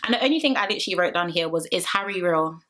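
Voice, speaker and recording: A woman's voice: lowish voice, expressive, racing, a bit bright. A young woman chats straight to her audience. Her talk is casual and gossipy, with dramatic emphasis and playful teasing asides. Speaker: reality TV reviewer. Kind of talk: casual review chat to viewers.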